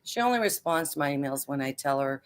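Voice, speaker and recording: An older woman from Canada with a low voice talks as a guest on an interview show. She rambles in a relaxed, chatty way, full of asides and fillers, drawing on years as a prosecutor. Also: fast. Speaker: retired federal prosecutor, guest. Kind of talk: casual interview chat.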